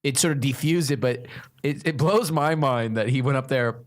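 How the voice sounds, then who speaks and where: Male comedian guest, middle pitch, rambling and loose. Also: normal speed. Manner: rambling, searching for words. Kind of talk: casual podcast chat.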